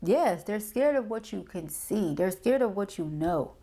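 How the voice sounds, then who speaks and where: A woman's voice: mid-range voice, lively intonation, a little slow, mellow. A woman doing a casual tarot reading, chatty and slangy, often checking in with "okay?". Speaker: tarot reader.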